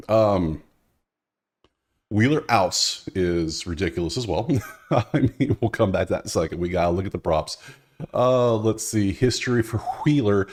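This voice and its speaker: A man hosting a sports betting video, talking casually and thinking out loud as he goes through the numbers, now and then addressing the players directly. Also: deep voice. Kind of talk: casual solo commentary.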